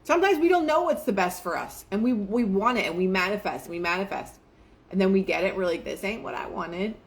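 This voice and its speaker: Brief: young woman, casual host, chatty with many fillers, mid-pitched voice, motivational talk. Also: fast. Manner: chatty, filler-heavy, quotes herself and others in lively asides. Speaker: manifestation show host.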